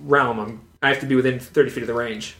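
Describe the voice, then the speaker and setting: A man's voice: mid-range voice, steady tone, fast talker, sharp tone. A man playing a tabletop game, working out spell rules aloud and chuckling often. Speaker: player. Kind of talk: casual game table chat.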